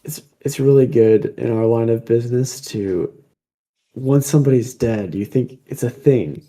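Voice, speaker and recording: A man's voice: medium pitch, moderate pace, dark tone. A man playing in a tabletop game, speaking casually and hedging his words. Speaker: player. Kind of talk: in-character tabletop play.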